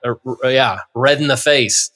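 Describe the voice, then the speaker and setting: Man co-host, casual chat, encouraging, halting, dry room. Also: medium pitch, bright, forceful tone, dry recording. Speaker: podcast co-host.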